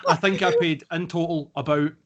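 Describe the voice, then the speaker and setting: Band guy from scotland, a bit high voice, adds bits to the story. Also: steady tone, a little fast. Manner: chipping in with details. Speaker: band member guest. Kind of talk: casual chat.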